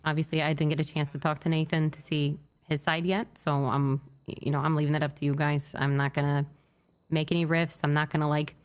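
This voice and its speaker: Low woman in an rp trooper role, venting steadily, ums and false starts. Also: little pitch movement. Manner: upset but measured, frequent fillers and restarts. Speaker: state trooper in a roleplay server. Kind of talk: in-character roleplay briefing.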